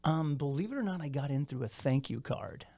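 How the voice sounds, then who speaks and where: A man's voice: medium pitch, animated, a little fast, gravelly, dark tone. A man in his fifties hosting a podcast, chatting casually and playfully, joking and laughing often. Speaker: podcast host. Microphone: studio microphone.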